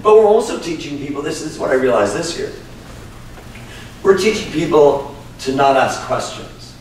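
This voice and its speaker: A man, an improv teacher, talking in a casual interview, animated, laughing often and swearing freely. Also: on the high side, moderate pace. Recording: echoey room from a distant mic with noise.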